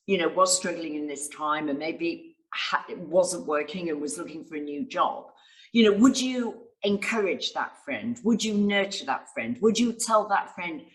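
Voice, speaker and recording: Woman coach with a low voice, telling stories all excited, acting out quotes. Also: poor audio. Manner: enthusiastic, storytelling, acts out quotes. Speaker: guest speaker and success coach. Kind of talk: interview answers.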